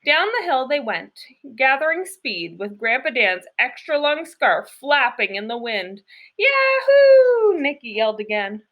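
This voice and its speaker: A woman reading a children's picture book aloud in an expressive, storytelling way. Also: a little high, measured pace, few pauses, highs cut off. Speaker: storybook reader.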